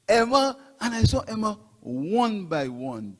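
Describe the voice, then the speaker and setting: In a large hall, a middle-aged man from Saint Lucia, speaking with a Saint Lucian accent, rouses a rally as guest speaker through repetitive, rising-and-falling oratory. He speaks extremely slowly in a high-pitched voice, with big pitch swings and long pauses.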